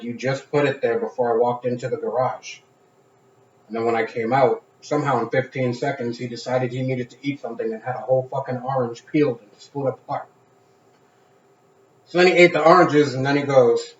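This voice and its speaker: A man's voice: mid-range voice, a little fast, a little hiss or hum. A man in casual chat, telling stories with acted-out quotes and frequent swearing. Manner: animated storyteller acting out quotes, swears freely. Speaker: podcast co-host. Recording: echoey room, dull sound.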